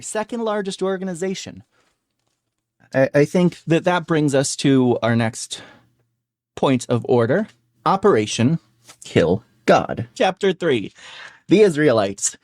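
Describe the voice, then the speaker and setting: A streamer giving casual, sarcastic commentary, animated, with many fillers and mock cheers. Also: mid-range voice, dry recording, clean studio sound.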